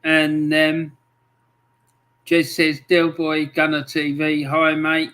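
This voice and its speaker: A man's voice: fairly high pitch, completely flat delivery, slow, sharp tone. A man hosting a casual livestream, chatting in a friendly way and greeting viewers with lots of ums. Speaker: livestream host. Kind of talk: casual livestream chat, reading out viewer comments.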